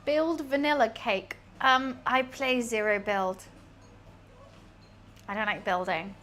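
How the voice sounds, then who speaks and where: A woman's voice: on the high side, fairly even intonation, slow, fairly bright tone. A young British woman streaming, chatting casually and rambling while she cooks, laughing often. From United Kingdom.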